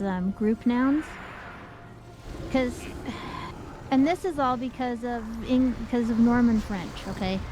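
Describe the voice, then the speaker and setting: A woman's voice: fairly high pitch, takes it slowly, pauses often, over music. A woman chatting casually during a group game session, explaining things at length and laughing often. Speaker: gaming group member. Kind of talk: casual chat while gaming.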